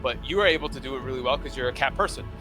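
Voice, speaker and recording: A man running a tabletop game as game master, narrating in a rambling, lively way and often restarting his phrases. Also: mid-range voice, rapid-fire. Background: music.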